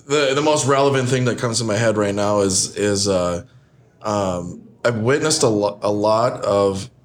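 Halting, low-voiced man searching for words. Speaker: podcast guest. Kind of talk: casual podcast chat.

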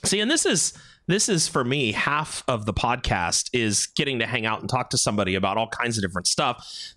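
A man's voice: medium pitch, sharp tone, no echo, clean studio sound. A man from California with a Californian accent, hosting a casual podcast chat and laughing often. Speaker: podcast host.

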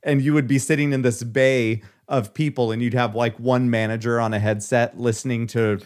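A man in casual conversation, telling an animated story, acting out quoted lines and laughing often. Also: mid-range voice, moderate pace.

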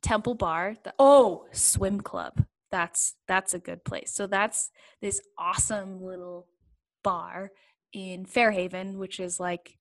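A woman's voice: medium pitch, fairly even intonation, slow, low-quality recording. A woman in casual chat, talking in a rambling way full of fillers and little laughs. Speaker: guest.

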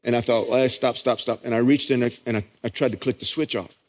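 A middle-aged pastor, preaching a sermon as a story that keeps building in intensity. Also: male voice, steady tone, fast talker. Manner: impassioned storytelling, pitch climbing as he builds.

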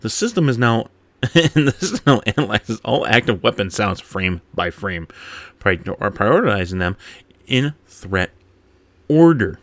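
A man hosting a podcast, reading a game blog post aloud and breaking off to laugh and comment excitedly. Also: fairly low pitch, measured pace, no room sound. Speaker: podcast host.

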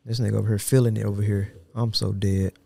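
A man co-hosting a podcast in casual chat, slangy and quick to joke and laugh. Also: lowish voice, flat delivery, vocal fry, mellow, dry recording. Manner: joking, laughs often, slangy. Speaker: podcast co-host. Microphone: studio podcast mic.

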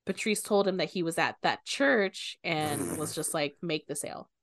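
A woman's voice: sits low, a little slow, no echo, studio quality. A woman co-hosting a book podcast, casually retelling the plot and quoting characters as she goes. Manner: animated retelling, quoting characters with bursts of swearing. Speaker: podcast co-host.

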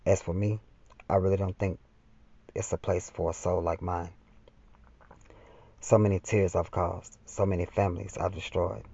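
A man reading his own novel aloud as first-person narration, in a steady, solemn way, on a slightly dull recording. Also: deep voice, gravelly, no echo.

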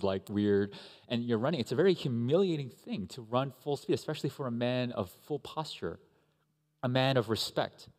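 A man pastor giving a conversational, animated sermon with asides to the congregation. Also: lowish voice. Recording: echoey hall.

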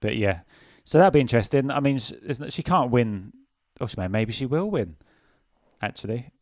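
Brief: male co-host, mid pitch, relaxed and questioning, dry close-mic sound. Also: moderate pace, dry recording. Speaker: podcast co-host. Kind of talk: casual wrestling chat.

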